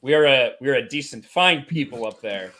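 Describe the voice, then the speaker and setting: A man's voice: mid-range voice, expressive, a little fast, a bit bright. A man from Indiana with a Midwestern American accent, swearing freely in blunt casual chat on a livestream. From Indiana, USA. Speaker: livestream guest.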